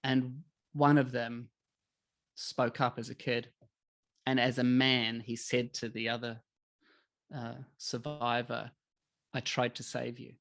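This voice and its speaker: A middle-aged man, a podcast guest telling emotional stories in a candid, animated way. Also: medium pitch, slow pace, pauses often. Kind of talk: candid conversational interview.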